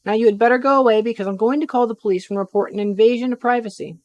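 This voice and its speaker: A woman's voice: on the high side, steady tone, racing, a little mellow, muffled recording, lightly acted. A woman reading a defiant young woman bluffing. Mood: indignant bluff.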